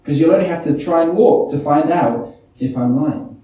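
A man's voice: a little high, normal speed, mellow. A man preaching a sermon, reading scripture and putting many rhetorical questions to the congregation. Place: church. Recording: echoey church hall, mic from a distance.

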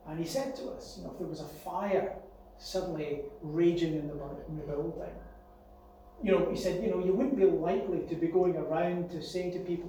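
A man's voice: on the high side, steady tone, brisk, dark tone. A man preaching a sermon as pastor, earnest and at times rising to a raised, urgent warning. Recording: distant echoey church hall with faint hum.

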